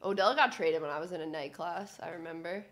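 A young woman giving a chatty live reaction to a hockey game as a fan, excitable and cheering loudly. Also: lowish voice, brisk. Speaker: sports fan streamer.

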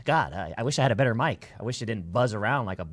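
A man in his thirties streaming games live, talking with brash theatrical swagger and sudden shouting bursts. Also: on the low side, expressive, very fast, husky, no echo.

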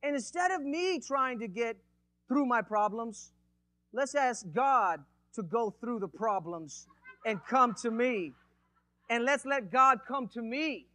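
A man preaching a lively sermon as pastor, calling out to the congregation and acting out a demonstration. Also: very high-pitched. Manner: energetic, calls out to congregation. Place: church.

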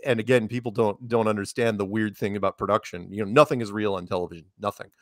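A man's voice: lowish voice, steady tone, fast, no echo, studio quality. A man being interviewed, telling chatty anecdotes and laughing as he goes. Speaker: interviewed guest. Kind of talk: casual storytelling interview.

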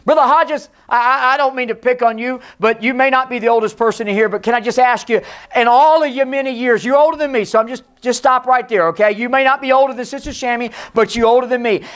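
A pastor giving an emphatic sermon in a church, sometimes hushed and sometimes shouting, and calling on the congregation to repeat his words. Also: very high-pitched, fast, clear, resonant tone. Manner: leads the congregation in call and response. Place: church sanctuary.

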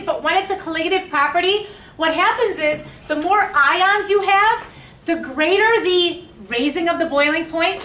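A woman teaching high school chemistry in a classroom lecture. She asks the class questions and repeats their answers back to them. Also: pushed and bright, slight background noise. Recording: echoey classroom, mic at a distance.

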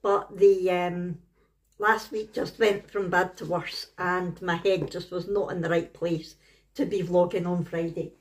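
A woman's voice: lowish voice, fairly even intonation, measured pace, slight background noise. A middle-aged Scottish woman, a family vlogger, telling a story to camera in a chatty, rambling way. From Scotland. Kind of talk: casual talking-to-camera vlog.

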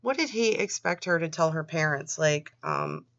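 Low-voiced, bright woman with dry sarcastic asides. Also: lively intonation, moderate pace, hardly any pauses, no echo. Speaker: commentary host. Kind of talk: reading chat logs aloud with commentary. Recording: dry, slightly dull lo-fi home recording.

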